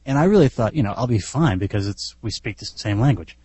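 A man with a mellow, slightly husky voice guests on a casual podcast. He tells lively, self-deprecating anecdotes into a close, dry mic. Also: on the low side, quick pace, no echo.

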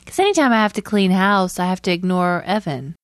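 A woman's voice: fairly low pitch, animated, brisk, no room sound, clean studio sound. A woman in her thirties co-hosting a casual podcast, telling stories in a chatty, giggly way. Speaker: podcast co-host. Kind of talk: casual chat.

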